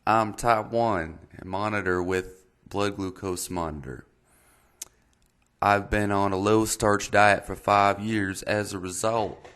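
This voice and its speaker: A man's voice: on the low side, fairly even intonation, slow pace, fairly bright tone, clean tone, voice pushed up. A man reading out a message in a put-on Texas accent, voicing a laid-back young Texan guy. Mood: casual. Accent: put-on Texas drawl. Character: casual young Texan guy asking a question.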